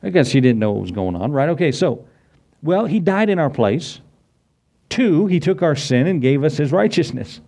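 A man preaching a sermon, emphatic, rising on key points and reading scripture slowly and deliberately. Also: a little high, lively intonation, a little mellow. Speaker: pastor.

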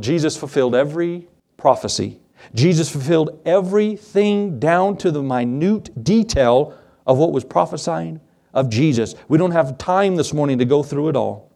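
A man preaching a sermon to his congregation, animated, acting out Bible scenes in quoted voices. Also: fairly high pitch, moderate pace, creaky. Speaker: pastor.

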